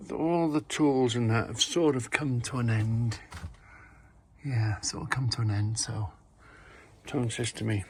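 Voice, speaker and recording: A man talks his way round a shop, unhurried and slow, now chatting, now dropping to a mutter or a whisper. There's a faint hum of ambience behind him. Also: mid-range voice. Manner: chatty, trails off into muttering and whispering over items. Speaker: vlogger. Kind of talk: casual chat while browsing. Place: indoor shop.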